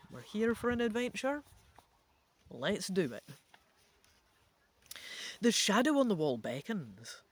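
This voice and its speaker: A man reading an adventure gamebook aloud, stopping to muse out loud over each choice. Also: high voice, sing-song, slow pace, pauses often. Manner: musing, thinking out loud. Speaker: gamebook reader.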